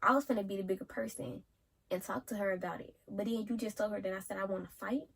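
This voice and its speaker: A young woman telling a storytime in a casual, animated way and acting out what people said. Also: medium pitch, quick pace, vocal fry, breathy edge. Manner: animated retelling, acts out quotes, yells some lines. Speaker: vlogger.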